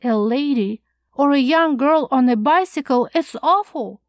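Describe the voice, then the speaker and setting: A woman's voice: sits high, unhurried, dry recording, clean studio sound. A woman doing a fretful, prim old schoolmaster. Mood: fretful lecturing. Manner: fretful, scandalized, lecturing. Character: fussy, anxious, prim older male schoolmaster.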